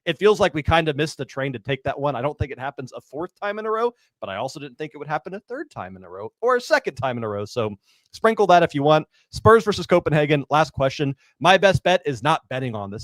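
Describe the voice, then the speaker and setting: A man giving soccer betting picks in a relaxed, hedging way, chatting casually with his panel. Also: a little high, dry recording. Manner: relaxed, hedging, laughs easily. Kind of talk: casual sports betting chat.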